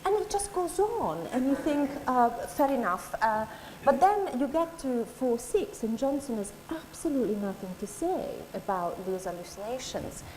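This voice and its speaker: A woman interviewing an actor in a public talk, speaking softly and hesitantly with many ums. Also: sits high, very animated, normal speed, hardly any pauses. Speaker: interviewer, academic. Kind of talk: stage conversation, lecture-like. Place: lecture hall before an audience. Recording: echoey hall with faint noise.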